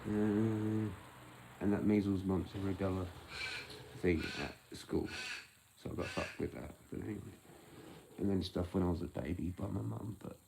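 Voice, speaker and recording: A man's voice: deep voice, fairly even intonation, normal speed, gravelly, noisy background. An Australian man with an Australian accent, rambling loosely and swearing on a casual livestream, sometimes dropping into half-whispers. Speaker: livestream host.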